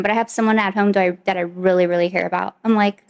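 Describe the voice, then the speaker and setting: A woman's voice: mid-range voice, steady tone, racing, clear, resonant tone. A woman co-hosting a podcast, telling a story in casual chat. She rambles and uses lots of fillers. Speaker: podcast co-host.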